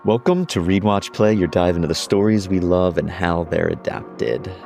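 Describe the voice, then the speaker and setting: Low-voiced laughing man hosting a podcast. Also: lively intonation, normal speed, vocal fry, darkish tone, faint music behind. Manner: chatty and laughing, with hesitant restarts. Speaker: podcast host. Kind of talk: casual chat.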